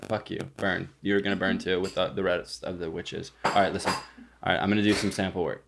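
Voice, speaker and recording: A man's voice: sits low, little pitch movement, brisk, creaky, a little hiss or hum. Crude, joking young man hosting a podcast. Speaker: podcast host. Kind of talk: casual podcast chat.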